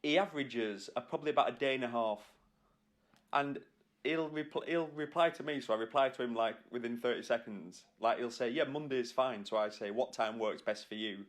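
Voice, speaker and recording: A man co-hosting a podcast in casual chat, joking and teasing and quick to laugh. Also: medium pitch. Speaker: podcast co-host.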